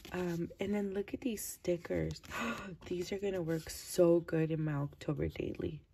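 A woman chatting casually as she opens craft mail, gushing over each piece and keeping her voice low early in the morning. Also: unhurried, vocal fry, warm tone, slight background noise. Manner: gushing, keeps low to avoid waking her child. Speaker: crafting vlogger opening mail. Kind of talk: casual unboxing chat.

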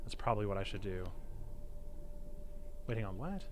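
Man, pastor, gameplay streamer, excitable, cheers loudly, very animated pitch. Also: normal speed, a little hiss or hum. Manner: excitable, bursts into loud cheering. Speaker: pastor streaming a video game. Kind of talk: live-streamed gameplay commentary.

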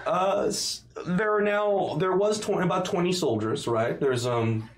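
A man's voice: sits high, measured pace, roomy sound. A man running a tabletop game as game master, laughing often and talking with many fillers.

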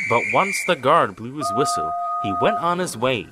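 Expressive male storybook narrator. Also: mid-range voice, normal speed, very noisy. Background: music.

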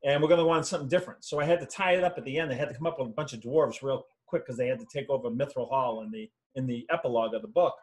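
A man, a fantasy author, telling lively anecdotes in a casual conversation over a video call, acting out the voices of people he quotes. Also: mid-range voice, rapid-fire, few pauses. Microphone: video call mic.

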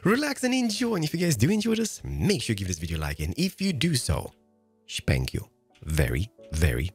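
A man's voice: a little high, big pitch swings, quick pace, slightly rough, dry recording, faint music behind. A man hosting gameplay commentary in a playful, goofy way with sing-song jokes and a groggy morning voice. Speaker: video game host.

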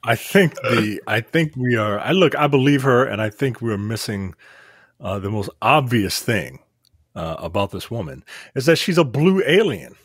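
A male podcast co-host with a husky, breathy voice, recorded dry and close. He jokes in a laid-back, deadpan way during casual chat. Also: mid-range voice, normal speed, no echo.

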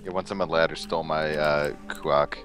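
A young man joking from the side while a friend plays a game, throwing in absurd deadpan bits and mock voices. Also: very deep voice, normal speed. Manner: deadpan absurd jokes, lively swoops. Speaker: co-host commenting on a lets-play. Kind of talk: casual joking banter. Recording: game music clearly behind.

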